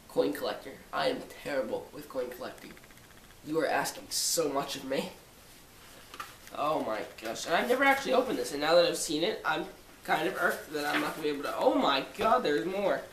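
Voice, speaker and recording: A man's voice: a little high, creaky, a bit bright, echoey room, distant mic, a little hiss or hum. A seventeen-year-old boy with a stuffy nose, vlogging casually at home, rambling with jokey self-mocking asides. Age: 17, teenager. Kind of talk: casual holiday vlog. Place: living room by a tall Christmas tree.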